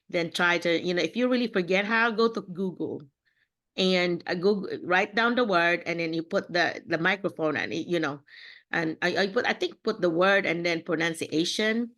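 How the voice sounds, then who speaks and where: A woman's voice: lowish voice, a bit bright. A woman from the Philippines, mentoring teachers on a video call and checking in often with "okay?" and "you know".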